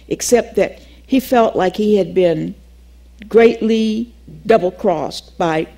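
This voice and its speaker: With a slightly high voice, an older Bible teacher shares a lively personal testimony while teaching her class. She tells it animatedly, acting out the dialogue and laughing often.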